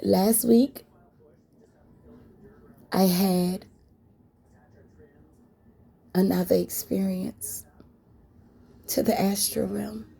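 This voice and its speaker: A woman's voice: medium pitch, fairly even intonation, very slow, gravelly, long pauses, mellow, slightly rough. A woman telling a story to her viewers in a blunt, frank way, with swearing. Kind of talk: casual story time.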